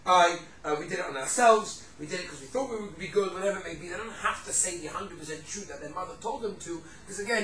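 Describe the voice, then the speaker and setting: A man teaching a casual halacha class, animated, acting out quoted speakers and mixing in Yiddish and Hebrew terms. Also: sits high, roomy sound, far from the mic, poor audio. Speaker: Torah teacher.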